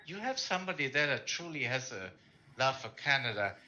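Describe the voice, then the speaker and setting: A man co-hosting a livestream, chatting casually, animated and laughing, often repeating words. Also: mid-range voice, brisk, a little hiss or hum, poor audio. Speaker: stream co-host. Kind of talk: casual chat.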